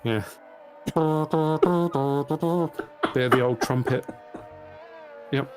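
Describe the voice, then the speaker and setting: A man co-commentating a sim racing league live, relaxed and jokey in his banter. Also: mid-range voice, very slow, music in the background. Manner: laid-back, jokey banter. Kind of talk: casual live race commentary.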